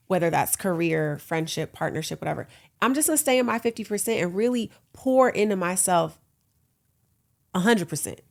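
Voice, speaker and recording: A woman in her late thirties hosting her own podcast, talking frankly and playfully, laughing often and cheering listeners on. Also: medium pitch. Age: 30s. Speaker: podcast host. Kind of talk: casual solo podcast talk.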